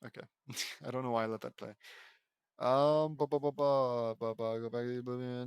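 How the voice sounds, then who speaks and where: A man's voice: medium pitch, a little slow, long pauses, darkish tone, clear, resonant tone, no room sound, clean studio sound. A young man reading fan fiction aloud and breaking off with sarcastic, bemused comments. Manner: sarcastic, riffing, stumbles and laughs at the text.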